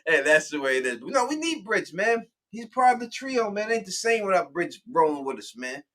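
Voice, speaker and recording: A man's voice: sits high, normal speed. A man hosting a casual chat, telling stories with lots of laughter and acting out voices. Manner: animated storytelling, laughing often, acting out voices. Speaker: channel host.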